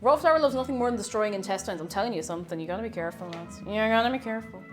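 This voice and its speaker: A woman with a mid-range voice talks rapid-fire to her stream chat while baking in her home kitchen, with music playing behind her. She's chatty, reads the chat messages aloud, and breaks into excited whoops now and then.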